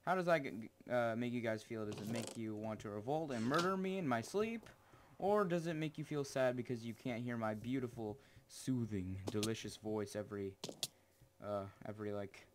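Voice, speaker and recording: A teenage boy hosting his own gaming channel, rambling through gameplay commentary with jokes and sudden excited yelps. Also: lowish voice, unhurried, a little hiss or hum. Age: teens.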